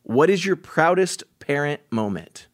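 A man's voice: fairly high pitch, sing-song, a little slow. A man hosting a podcast in an upbeat, easygoing casual chat. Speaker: podcast host.

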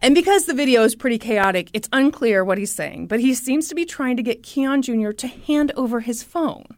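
Brief: high-pitched woman storyteller, very animated, dry close sound. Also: a little fast, no room sound. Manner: lively storyteller, acting out quotes. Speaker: podcast host. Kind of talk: storytelling chat.

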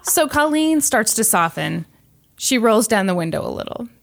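A woman's voice: mid-range voice, moderate pace, creaky. Woman retelling a true crime story. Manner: animated, acts out quoted voices, laughs often. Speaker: podcast co-host telling a true crime story. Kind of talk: casual storytelling chat.

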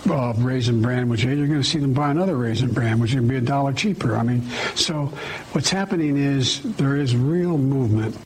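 A man's voice: mid-range voice, fairly quick, rough recording. Older man rambling, faint noise behind.

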